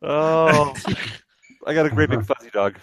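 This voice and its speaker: A man chatting on a video call, animated, swearing and laughing often. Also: on the high side, a little slow, dry recording. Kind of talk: casual chat over a video call.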